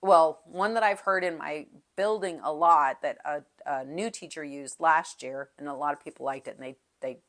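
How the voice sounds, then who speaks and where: A middle-aged woman with a low, deep voice shares classroom management tips as a music teacher. She talks in a chatty, friendly way and breaks into sung rhythms and calls to show how they work. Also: moderate pace, few pauses, fairly bright tone.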